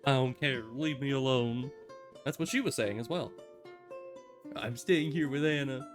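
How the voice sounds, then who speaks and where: A man reading the lines of a grieving young prince in a sullen, flat way, over guitar music. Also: medium pitch, a little slow, natural voice. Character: grieving young male prince, mopey bard.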